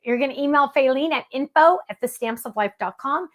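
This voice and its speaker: A chatty middle-aged woman hosting a craft livestream. Her voice sits a little high, and she gushes in a bubbly way as she talks to her viewers. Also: fairly quick. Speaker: craft show host. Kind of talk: casual livestream chat.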